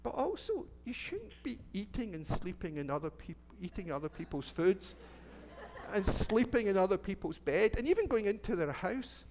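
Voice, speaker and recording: A man's voice: high voice, big pitch swings, normal speed, darkish tone. A middle-aged Scottish man, a minister, telling a children's story in church in a chatty, playful way and asking the children questions. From Scotland. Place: church sanctuary.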